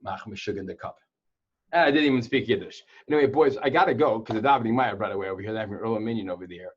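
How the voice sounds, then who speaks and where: A man's voice: lowish voice, very fast, slightly rough. Playful man telling jokes, lo-fi. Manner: playful joke-telling storyteller. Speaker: Torah teacher to boys. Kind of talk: casual online class with jokes. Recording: dull lo-fi sound.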